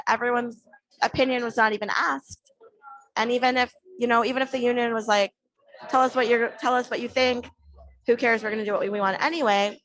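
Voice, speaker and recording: Animated woman telling a story. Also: fairly high pitch, rough recording. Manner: animated retelling, acting out quoted exchanges. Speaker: podcast guest. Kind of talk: casual storytelling.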